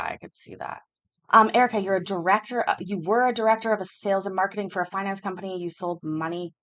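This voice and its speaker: A woman's voice: fairly low pitch, fairly bright tone. A woman hosting a live chat show, telling work stories in a candid, casual way, swearing freely and using many fillers. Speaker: livestream show host.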